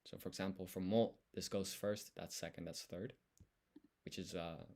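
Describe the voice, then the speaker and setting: A man's voice: sits low, steady tone, moderate pace, a little mellow. A man studying on a livestream, thinking aloud and explaining each step as he writes. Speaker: language learner.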